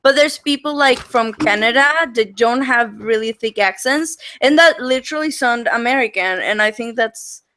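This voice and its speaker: A young woman with a Mexican accent hosting a casual video-call chat, animated and laughing often between her words. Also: fairly high pitch, moderate pace, few pauses, a little hiss or hum. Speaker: host.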